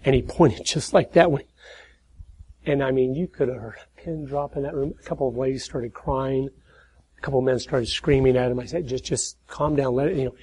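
A middle-aged man giving an earnest preaching talk, telling stories and building to emphatic points before dropping his voice low. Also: fairly even intonation, a little fast, a little mellow, breathy edge, low-quality recording. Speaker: speaker at church and conservative conferences.

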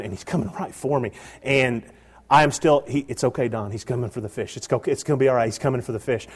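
A middle-aged man telling a hunting story live to an audience, animated, with frequent halting restarts. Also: medium pitch. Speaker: storyteller guest.

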